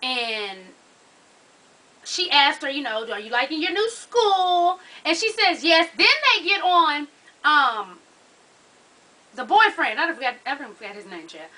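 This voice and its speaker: A woman's voice: sits high, expressive, a little slow, bright, forceful tone, low-quality recording. A woman giving a casual, sassy recap of a reality show episode. She swears freely and keeps calling her listeners honey.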